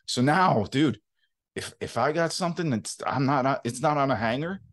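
A man's voice: mid-range voice, lively intonation, normal speed. A man co-hosting a sports talk show, joking easily and laughing often as he acts out little scenes at home. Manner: jokey, laughs often, acts out his wife's lines. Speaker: co-host. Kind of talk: casual sports podcast banter.

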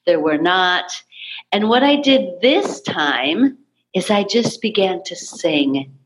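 A woman's voice: fairly low pitch, animated, slow pace, a little hiss or hum, poor audio. A woman hosting a spiritual podcast conversation, speaking in an earnest, emotional way. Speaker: podcast host.

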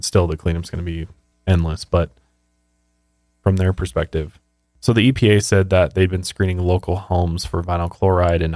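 A man with a very low voice talks as a podcast co-host, blunt and indignant, cursing freely. His sound is dry and close, with no room around it. He speaks in a casual, conversational way. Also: a little mellow, no echo. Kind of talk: casual chat.

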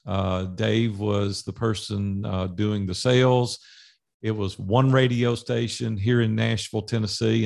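Man, gravelly voice, podcast guest, animated storyteller, retells conversations. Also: lowish voice. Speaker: podcast guest, business coach.

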